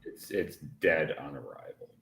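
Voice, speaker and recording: A man's voice: a bass voice, unhurried, a bit bright, reverberant. A man co-hosting a casual livestream chat, rambling and emphatic, often breaking into laughter. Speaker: podcast co-host.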